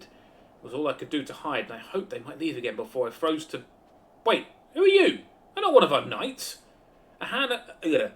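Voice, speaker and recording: A man voicing a proud young male knight in a game, stiff and dismissive toward strangers. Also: fairly high pitch.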